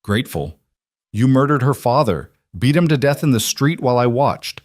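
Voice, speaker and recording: A man's voice: medium pitch, animated, moderate pace, a little mellow, no echo, clean studio sound, pitched above the performer's own voice, close to an everyday voice. A man voicing a defiant frontier mother who fiercely protects her child.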